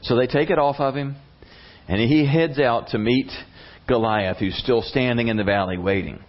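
A man's voice: mid-range voice, moderate pace. A man preaching a sermon, retelling a Bible story in a casual, conversational way with slang. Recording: slightly muffled lo-fi recording.

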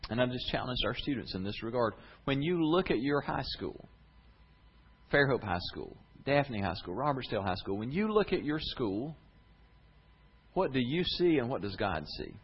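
A man's voice: mid-range voice, very animated, moderate pace, breathy edge, lo-fi sound. A man preaching a sermon to his congregation, earnest and conversational. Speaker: pastor. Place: church sanctuary with congregation.

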